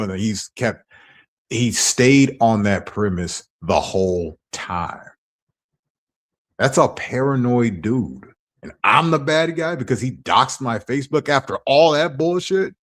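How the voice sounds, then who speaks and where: A man ranting on his stream, heated and profane as he tells his side of a feud. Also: fairly low pitch. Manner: angry, profane storytelling.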